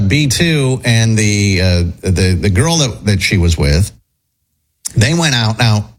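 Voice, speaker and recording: A man's voice: fairly low pitch, slightly rough, low-quality recording. A man hosting a radio chat show, telling a long story in a rambling way with lots of fillers and restarts.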